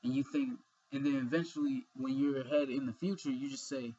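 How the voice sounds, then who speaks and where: A man's voice: medium pitch, fairly even intonation, a little fast, hardly any pauses, dark tone, husky, muffled recording. A young man vlogging in a rambling, earnest monologue full of fillers and swearing, sleepy and yawning. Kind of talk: casual monologue.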